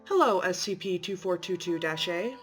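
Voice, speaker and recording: A woman as a polite, measured doctor. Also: on the low side, animated, a bit bright, faint music behind. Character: calm, polite female staff doctor. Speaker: interviewer.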